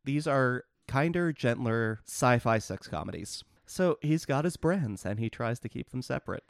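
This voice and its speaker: A man's voice: medium pitch, expressive, moderate pace, gravelly, no echo, studio quality. A man co-hosting a podcast, casually and wryly explaining the plots of obscure films. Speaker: podcast co-host. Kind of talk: casual movie discussion.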